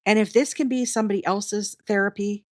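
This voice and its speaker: A woman's voice: mid-range voice, fairly even intonation, a little fast, no echo, studio quality. Chatty Southern woman hosting a livestream. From Alabama, US. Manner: chatty, rambling, talks straight to the chat. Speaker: crochet livestream host. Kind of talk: casual live-stream chat while crocheting.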